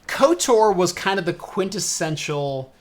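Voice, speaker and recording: Relaxed man rambling in casual chat. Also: high-pitched, measured pace. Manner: relaxed, talks in long rambling runs with "and whatnot"; hiccupping now and then. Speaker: show host.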